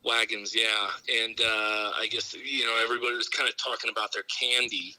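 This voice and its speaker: A man calling in as a podcast guest, his tone very bright and sharp. He recalls events hesitantly and plainly in casual chat. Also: fairly low pitch, flat delivery, a little fast, poor audio. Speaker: call-in guest.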